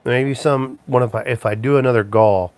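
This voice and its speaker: A man's voice: mid-range voice, steady tone, moderate pace, no echo. A man hosting a casual livestream chat, rambling and chuckling, with plenty of ums and restarts. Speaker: live show host.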